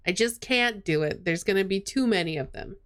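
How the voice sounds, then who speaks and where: Giggly, animated woman streamer. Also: medium pitch, fairly quick, clean tone. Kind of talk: casual game commentary.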